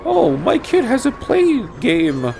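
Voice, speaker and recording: Man doing a high fussy shopping mom. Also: huge pitch swings, a little slow, vocal fry, darkish tone, slight background noise, full character voice. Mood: fretful. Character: fretful mother shopping for her child.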